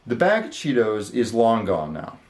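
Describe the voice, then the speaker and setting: A man's voice: on the low side, wildly swooping pitch, moderate pace, echoey room. A man hosting his channel, telling a story in a casual, rambling way, with lots of fillers and the odd swear word. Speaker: channel host. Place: his room.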